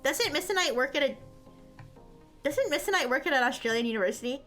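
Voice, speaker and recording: A woman's voice: high voice, animated, fast, pauses often, a bit bright, soft background music. A woman hosting a live stream, chatting casually and rambling, often cutting herself off and laughing. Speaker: livestream host.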